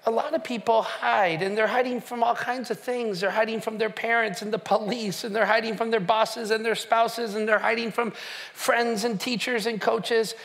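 A man's voice: very high voice, steady tone, normal speed, creaky, fairly bright tone. A man preaching a sermon as pastor, talking casually and directly to the congregation with questions and restarts. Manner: conversational, with frequent fillers and restarts.

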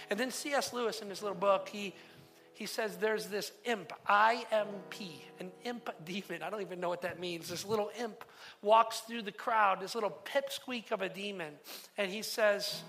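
A man's voice: sits high, moderate pace, bright, forceful tone. A man preaching earnestly in a church room, retelling a story and leading a prayer. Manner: earnest, repeats words, storytelling. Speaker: pastor. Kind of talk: sermon with closing prayer. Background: faint guitar.

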